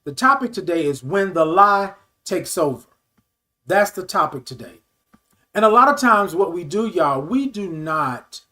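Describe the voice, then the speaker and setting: A man in his fifties hosting a casual livestream talk show, reading viewer comments aloud and answering them in an animated, affectionate way. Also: fairly high pitch. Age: 50s. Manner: animated, affectionate, calls viewers baby and y'all.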